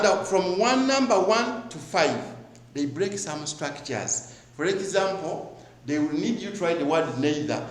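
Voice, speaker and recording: A man's voice: a little high, reverberant, poor audio. A male teacher giving an exam review lesson, asking rhetorical questions and repeating key words for emphasis.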